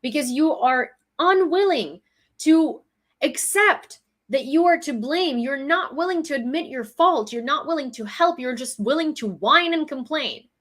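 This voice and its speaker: A woman's voice: high-pitched, lively intonation, unhurried, fairly bright tone. A woman reading news summaries and breaking into exasperated commentary, from Ukraine. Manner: reads headlines, then rants with exasperation. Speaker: news vlogger.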